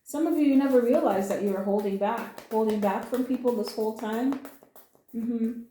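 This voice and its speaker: Woman, tarot reader, casual spoken reading, earnest, comforting, blunt slang, mellow tone, echoey room. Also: on the high side, moderate pace, slight background noise.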